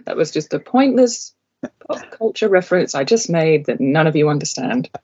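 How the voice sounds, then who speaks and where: Podcast host: woman with a low, husky voice, chatty and a touch nervous, on a dull lo-fi recording. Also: animated, dark tone. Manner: chatty, slightly nervous, halting with fillers. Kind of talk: casual chat.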